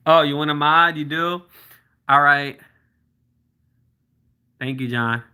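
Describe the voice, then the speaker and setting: A man hosts a casual livestream and talks straight to his viewers. He reads their comments aloud and answers them in a loose, chatty way. His voice is bright and forceful, in a middle pitch. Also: clean tone. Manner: slows down to spell out links. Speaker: livestream host.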